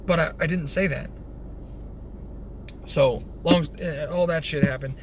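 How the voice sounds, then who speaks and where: A young man telling a rambling personal story, animated, swearing freely and restarting his sentences. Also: on the high side, measured pace. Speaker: vlogger. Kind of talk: casual storytelling. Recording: faint background noise.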